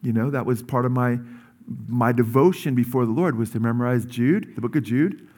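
A man's voice: brisk, darkish tone. Conversational male pastor preaching. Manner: conversational, with many asides and "amen?" checks; rises in pitch and energy when urging the congregation. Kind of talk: sermon.

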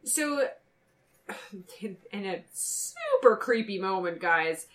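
A woman co-hosting a casual podcast chat, animated and playful, breaking into silly robot noises as she retells scenes. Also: mid-range voice, extremely slow. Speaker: podcast co-host.

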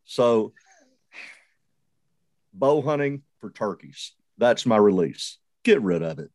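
A man's voice: lowish voice, lively intonation, slow pace, darkish tone, no echo. A man calling in to a podcast over a video call, chatting in a wry, easygoing way. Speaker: guest caller. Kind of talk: casual call-in chat.

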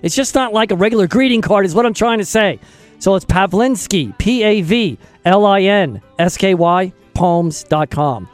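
Folksy high-voiced man hosting. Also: expressive, moderate pace, soft background music. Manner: rambling, folksy, plugs products. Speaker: podcast host. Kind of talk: casual talk show monologue.

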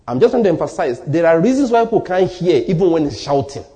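Lively mellow-voiced Nigerian preacher man. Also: on the high side, fast talker, few pauses. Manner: emphatic preaching, repeats key lines, drops to near-whispers. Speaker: pastor. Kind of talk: sermon.

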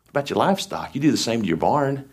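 A lay preacher with a mid-range, breathy-edged voice reads scripture fast, with big pitch swings. He then explains it through folksy, down-to-earth asides and emphatic repetition.

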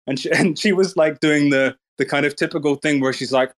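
A man's voice: a little high, fairly even intonation, a little fast, few pauses. A man in a casual online voice chat, talking bluntly and swearing freely in a mocking way. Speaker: Twitter space speaker.

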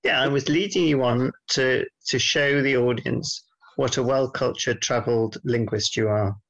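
Gravelly, husky man teasing his co-host. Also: mid-range voice, moderate pace, highs cut off. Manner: dry teasing, deadpan asides. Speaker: podcast co-host. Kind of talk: casual podcast banter.

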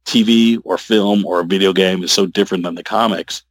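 A man talking as an interview guest about his comic work, halting and rambling with many restarts. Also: deep voice, steady tone, dry recording. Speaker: comic book writer guest. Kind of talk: casual interview talk.

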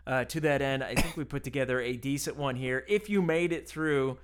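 A man's voice: medium pitch, fairly quick, clean tone. A man co-hosting a podcast in casual banter, joking and rambling, often laughing. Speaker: podcast co-host.

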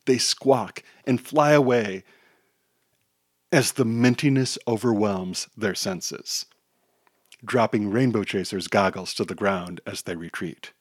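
A man narrating a children's superhero story with an animated, theatrical delivery, and hosting the podcast. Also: fairly low pitch, slow, slightly rough, dry recording, studio quality.

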